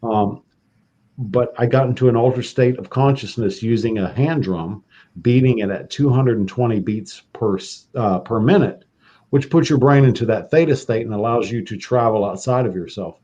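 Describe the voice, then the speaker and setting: A man's voice: medium pitch, normal speed, dark tone, dull audio. A man hosting a podcast, telling a story in a laid-back casual chat. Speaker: podcast host.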